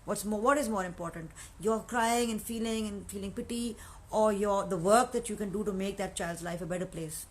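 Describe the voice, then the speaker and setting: A woman's voice: medium pitch, moderate pace, poor audio. A woman from Pakistan chatting casually on a live stream, answering fans and mixing Urdu words into her English. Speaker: actress answering fan questions on a live stream.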